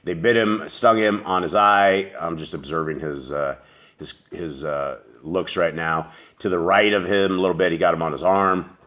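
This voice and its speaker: Deep-voiced man in rambling casual chat. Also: steady tone, normal speed, fairly bright tone. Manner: rambling, with many fillers and restarts. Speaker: host.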